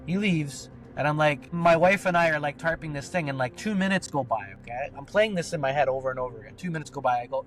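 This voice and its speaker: A podcast co-host tells a personal story in a casual, rambling way, swearing and using lots of filler words. His voice is a little high and fairly bright, he talks fast, and faint music plays behind him.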